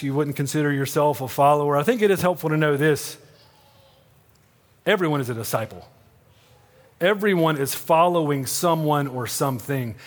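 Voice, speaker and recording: A middle-aged man preaching a sermon in a church. He talks in an earnest, conversational way, often asking "right?", and drops to a soft, hushed voice for quoted promises. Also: fairly high pitch, in a large hall. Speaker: pastor. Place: church sanctuary.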